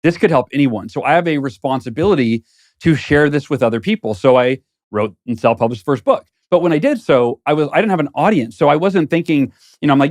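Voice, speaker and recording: A man's voice: fairly high pitch, animated, fast talker. Earnest, reflective man in conversation. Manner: earnest and reflective, thinking aloud. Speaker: guest author. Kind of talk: casual interview conversation. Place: studio.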